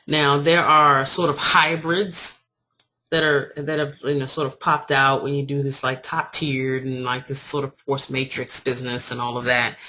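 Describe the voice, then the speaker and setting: A woman giving an informal marketing training talk, telling her story in an animated, emphatic way. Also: very deep voice. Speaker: online marketing coach.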